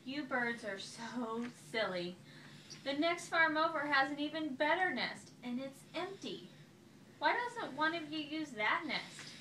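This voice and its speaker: A scheming, hungry tomcat from a storybook, as a woman puts him on, yelling out high and loud. The voice is bright and carries in an echoey room. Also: expressive, a little slow, slight background noise, heavily acted. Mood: coaxing. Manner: loud, high shouts of alarm. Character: scheming hungry male cat. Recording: echoey room, far from the mic.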